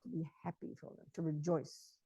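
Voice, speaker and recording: A woman's voice: low voice, fairly even intonation, moderate pace, mellow, breathy edge, no room sound. A woman teaching Buddhism in an emphatic way, repeating key phrases and often asking her listeners if they understand.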